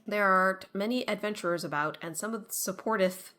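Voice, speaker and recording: A woman voicing a solemn temple guide in a video game, speaking slowly in formal, old-fashioned phrasing. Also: mid-range voice, pushed and bright, faint music behind, close to an everyday voice.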